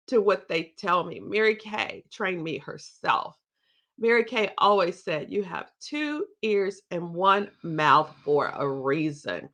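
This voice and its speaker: A woman giving a lively, folksy, salesy training talk to her team on a livestream. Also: mid-range voice.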